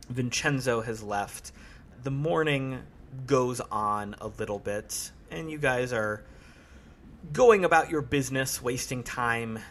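A man narrating a tabletop horror game as game master, in a measured, unhurried way. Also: mid-range voice, a bit bright, a little hiss or hum.

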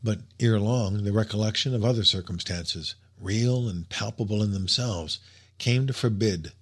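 Male audiobook narrator, lowish voice, measured and expressive, reading old literary prose. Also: slightly rough. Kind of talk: scripted narration.

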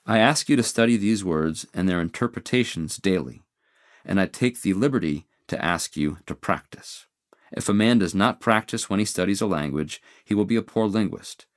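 A very deep-voiced man gives an earnest inspirational sermon. He speaks in a measured, deliberate way and slows right down for scripture. The recording is close and dry. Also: dry recording. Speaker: speaker giving a moral address.

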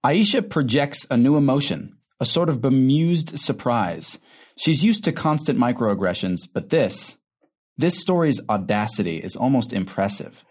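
A man narrating a drama in a calm, observant way, like reading stage directions. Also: mid-range voice, a little slow, husky.

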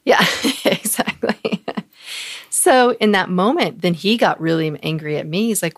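A woman podcast co-host, telling a candid personal story, animated and full of fillers, acting out the voices of people she quotes. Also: on the low side, measured pace, no echo.

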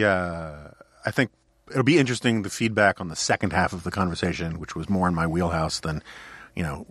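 A man with a lowish voice hosts a casual podcast conversation. He rambles, restarts his sentences and laughs easily. The sound is close and dry, with no room around it. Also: fairly bright tone, dry recording. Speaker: podcast host.

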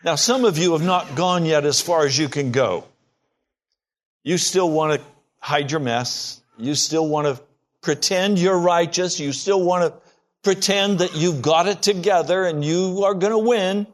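A man in his sixties preaching a sermon, emphatic, acting out prayers in a rising voice. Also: unhurried. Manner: emphatic, acts out quoted prayers with rising pitch.

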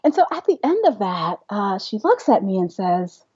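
A woman's voice: medium pitch, big pitch swings, normal speed, a little mellow, breathy edge, no echo, muffled recording. A young adult woman, a classical singer, telling her story in a casual interview, laughing often and acting out quotes. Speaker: interview guest.

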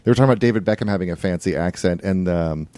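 A man's voice: low voice, rapid-fire, mellow, dry recording. A middle-aged man co-hosting a podcast in casual chat, rambling and joking crudely. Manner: rambling, jokey, crude humor. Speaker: podcast co-host.

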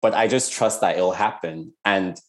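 A man's voice: sits low, normal speed, fairly bright tone. A man from Nigeria, an artist talking reflectively in an interview, often restarting his sentences. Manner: reflective, with frequent restarts and "like" fillers. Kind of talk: casual interview conversation.

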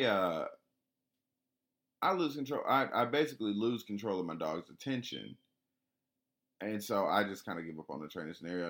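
A man's voice: deep voice, a bit bright. A man talking casually about training his dog, rambling with frequent restarts and fillers. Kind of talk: casual spoken monologue.

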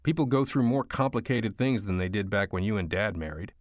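A man's voice: lowish voice, animated, fairly quick, no echo, studio quality, natural voice. Weary defensive grown son, read by a man. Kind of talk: audiobook character voice.

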